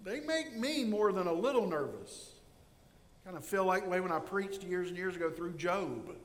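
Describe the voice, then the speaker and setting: A high-voiced male pastor delivers an earnest sermon that swells into impassioned outcries. His voice rings through a church sanctuary with a long, roomy echo. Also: expressive, normal speed. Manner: earnest, rising to impassioned outcries when voicing prayers. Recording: echoey church hall.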